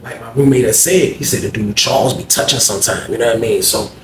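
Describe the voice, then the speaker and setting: A man's voice: fairly low pitch, fast, heavy background noise. A man casually telling a story to viewers in a slangy, rambling way, often addressing them as y'all. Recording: roomy echo, faint ambience.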